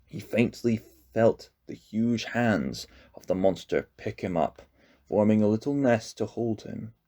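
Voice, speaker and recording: Guy reading a book out loud, takes his time, gravelly voice, lots of ups and downs. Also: lowish voice. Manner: slow, expressive storytelling with rising intensity. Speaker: narrator. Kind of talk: audiobook reading.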